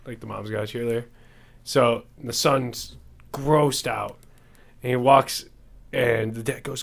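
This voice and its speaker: A man's voice: medium pitch, fairly even intonation, measured pace, creaky, long pauses. A young man co-hosting a podcast, telling jokes in casual chat and laughing as he goes. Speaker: podcast co-host.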